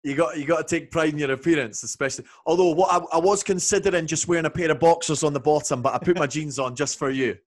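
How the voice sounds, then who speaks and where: A man with a Scottish accent, a guest in a casual video-chat interview, talking in a relaxed, jokey way with plenty of ums and restarts. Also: fairly high pitch, quick pace, few pauses, no room sound, studio quality. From Scotland. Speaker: whisky brand ambassador guest. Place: home, indoors. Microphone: video call.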